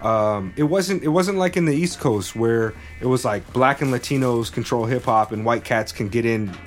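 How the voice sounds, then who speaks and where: A man's voice: mid-range voice, normal speed. An easygoing man hosts a podcast in an ordinary middle-range voice. He talks in loose, thoughtful runs full of fillers and restarts. Light music plays faintly under the chat. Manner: loose and joking, trails into thoughtful riffs with many fillers. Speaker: podcast host. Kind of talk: casual chat.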